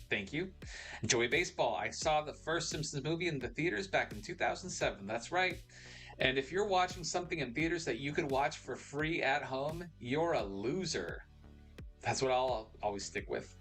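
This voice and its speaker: A man's voice: medium pitch, a bit bright. A young man hosting a casual live stream, rambling and correcting himself as he reads out chat messages.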